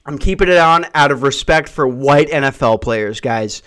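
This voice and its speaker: A man's voice: medium pitch, moderate pace, fairly bright tone. A man hosting a solo comedy podcast from a house, ranting in a crude, profane and self-mocking way. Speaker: podcast host. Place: hot brick house.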